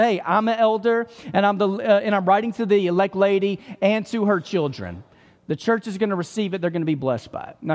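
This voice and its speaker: A man preaching a sermon as pastor, conversational and animated, full of rhetorical questions and asides to the congregation. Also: high-pitched, big-room sound.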